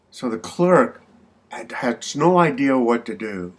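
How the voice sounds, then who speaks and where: A man's voice: medium pitch, animated, a little slow. An older man telling a joke in a friendly, folksy way, as a message to a friend. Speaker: joke teller. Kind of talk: casual spoken joke message.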